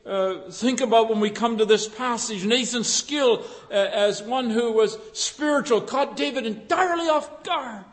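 A man preaches in a strikingly high voice, and his words ring out with a long reverb through a large hall. He is fervent, building to emphatic passages between hesitant, filler-laden stretches. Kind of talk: sermon.

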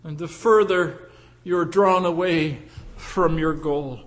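Slow, high-voiced preacher in a reverberant hall. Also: male voice. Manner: slow, deliberate preaching with rhetorical questions. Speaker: pastor. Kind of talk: sermon. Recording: long reverb in a large hall.

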